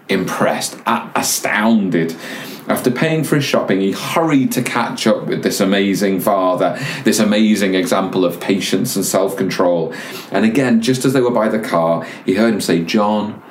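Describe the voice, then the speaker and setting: A man preaching a sermon as pastor, measured, with pauses and repeated words. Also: lowish voice, darkish tone, echoey room, a little hiss or hum.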